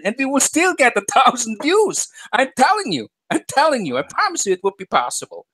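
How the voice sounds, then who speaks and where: A man's voice: high voice, sing-song, fairly quick, hardly any pauses, fairly bright tone. A man co-hosting a casual online radio show, boasting. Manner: boastful, rambling with restarts. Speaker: podcast co-host. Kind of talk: casual chat, bragging banter.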